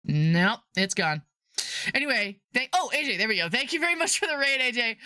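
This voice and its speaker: A giggly woman streamer chatting on a live stream, her pitch leaping all over as she rambles. Her voice is bright and clear, recorded close and dry with no room around it. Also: big pitch swings, a little fast, no echo. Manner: giggly and rambling, laughs often; playful, bursts into high squeals. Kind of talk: casual livestream chat.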